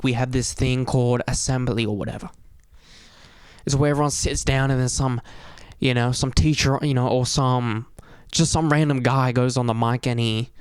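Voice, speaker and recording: A young man tells a story in a loose, rambling way, packing his talk with "you know," "dude" and "bro." His voice sits at an ordinary pitch and sounds close and dry, with no room around it. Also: clean tone, no room sound. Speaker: vlogger. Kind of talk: casual storytelling monologue.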